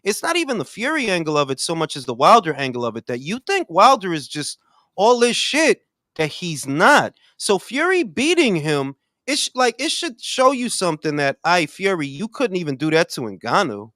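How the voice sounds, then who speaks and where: Animated, profane man ranting about boxing. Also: high-pitched, moderate pace, no echo, clean studio sound. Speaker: podcast co-host. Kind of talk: casual boxing talk.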